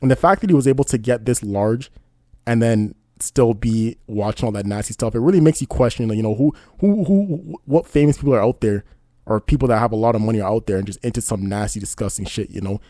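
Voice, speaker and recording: A man's voice: medium pitch, fast, warm tone, no room sound, studio quality. A man doing casual online commentary, indignant and rambling, often asking "you know what I mean". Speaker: commentary YouTuber.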